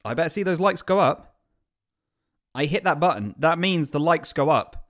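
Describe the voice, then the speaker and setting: A young man chatting on a live stream, excitable and hyped, often repeating himself. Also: fairly high pitch, normal speed. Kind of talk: casual live-stream chat.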